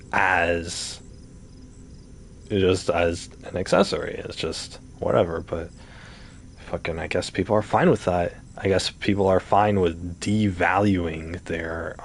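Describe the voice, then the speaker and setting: A gaming streamer with a deep voice rants casually as he plays, firing off rhetorical questions and swearing. There's a little hiss or hum in the audio.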